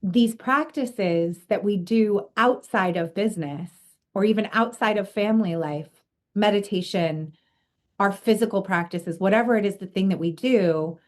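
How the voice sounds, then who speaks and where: A woman's voice: mid-range voice, normal speed. Earnest, reflective woman hosting a chat. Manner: earnest and reflective, with frequent fillers. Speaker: podcast host and coach. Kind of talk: casual interview conversation.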